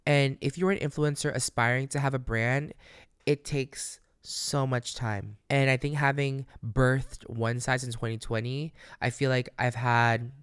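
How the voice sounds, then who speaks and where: A man talking through a casual solo podcast, candid and emphatic, swearing freely and speaking straight to his listeners with motivational encouragement. His voice is smooth and clear, recorded close and dry. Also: mid-range voice, steady tone, a little slow, fairly bright tone, dry recording. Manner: motivational, addresses listeners directly. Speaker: podcast host.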